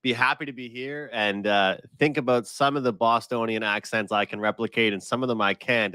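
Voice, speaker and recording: A man speaking as a sports betting guest, with a bright, forceful voice. He tells chatty stories full of quick asides. The recording is dry and close, with no room sound. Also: mid-range voice, no echo. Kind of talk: casual sports betting chat.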